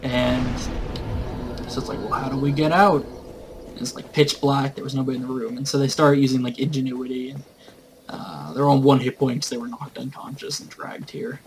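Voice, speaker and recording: A man rambles through a casual retelling of a tabletop game session, full of fillers, at middling pitch with a steady, darkish tone and normal speed. Faint background noise lingers behind him, and the audio is poor.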